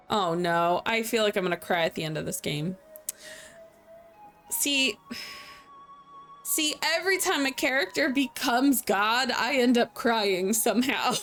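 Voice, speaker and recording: A woman's voice: a little high, animated, moderate pace, a bit bright, faint music behind. A sleepy young woman streaming a game, joking around, laughing and chatting with her viewers. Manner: chatty, joking, laughs often, reads chat aloud. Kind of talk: casual live-stream game commentary.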